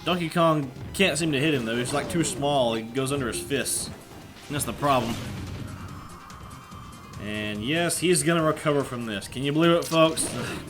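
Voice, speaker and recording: A man doing casual let's play commentary at home, rambling and chatty, sometimes yelling at the game. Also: mid-range voice, moderate pace. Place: apartment room at home with thin walls. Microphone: desk microphone. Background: video game music.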